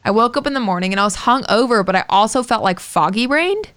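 A woman's voice: fairly high pitch, expressive, fast, a bit bright, clean tone, no echo. A young woman co-hosting a podcast, telling a personal story in casual chat, candid and swearing freely. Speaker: podcast co-host.

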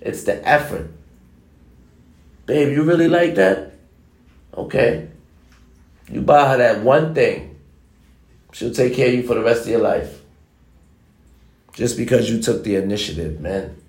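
A man's voice: medium pitch, unhurried, long pauses, a little mellow. Blunt, lecturing man in an echoey room. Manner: blunt, emphatic, lecturing, repeats himself. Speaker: motivational vlogger. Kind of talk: preachy monologue to the camera.

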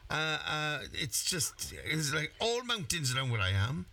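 A chirpy Welsh man hosting a radio phone-in, his voice high and bright with a lively, swooping lilt. He laughs easily and exclaims as he chats. The sound comes from an old broadcast, heard from a distance over a faint hiss. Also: measured pace. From Wales. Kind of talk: casual radio phone-in chat.

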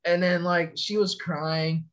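Young soldier from California, slightly high voice, swearing storyteller, loose casual chat. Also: male voice, little pitch movement, slow, fairly bright tone. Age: young adult. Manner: profane, rambling storytelling. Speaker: soldier podcast guest.

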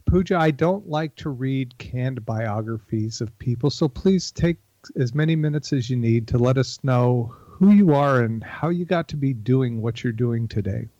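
A man hosting an interview, inviting his guest to introduce herself in a relaxed way. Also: medium pitch, normal speed, no room sound. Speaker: interview host. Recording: dry, muffled audio.

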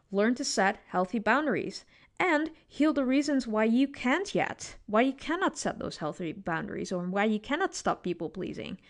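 A woman psychologist hosting a solo podcast, talking expressively in a coaching tone and often adding "right?" to her points. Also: on the high side.

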